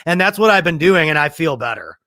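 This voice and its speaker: A man's voice: fairly high pitch, expressive, brisk, bright, forceful tone, dry recording, studio quality. A man in casual podcast chat, chatty and laughing easily, often trailing off mid-sentence. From Texas. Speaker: podcast co-host.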